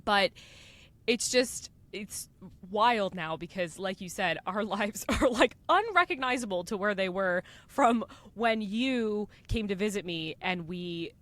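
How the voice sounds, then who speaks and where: A woman co-hosting a casual podcast, expressive and quick to laugh. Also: medium pitch. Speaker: podcast co-host.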